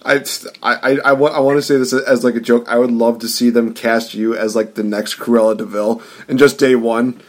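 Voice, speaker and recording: A man's voice: medium pitch, level tone, a little fast, few pauses, darkish tone. A man interviewing a guest in casual conversation, friendly and joking, with stammering restarts.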